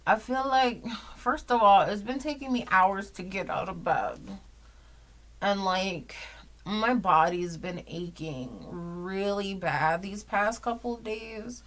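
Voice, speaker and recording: A young woman vlogging at home, low and teary, rambling with lots of "like". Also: expressive, slow pace, fairly bright tone. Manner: rambling, says "like" often. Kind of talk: casual confessional vlog.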